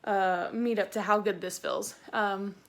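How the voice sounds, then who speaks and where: A young plant YouTuber from Tennessee chats excitedly in a Southern accent while unboxing plants on her vlog. Her mid-range voice is gravelly and a little slow.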